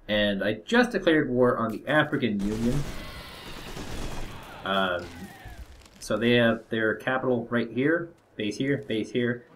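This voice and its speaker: A man's voice: mid-range voice, a bit bright. A young man casually commenting on his own strategy game playthrough, rambling and hesitant with lots of fillers. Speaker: gameplay commentator. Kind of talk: casual let's-play commentary.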